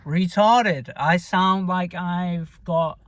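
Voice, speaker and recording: A man's voice: high voice, extremely slow, fairly bright tone. A man with a northern English accent talks through a casual vlog. He is blunt and sweary, and he mumbles and rambles. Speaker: vlogger. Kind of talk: casual self-talk vlog.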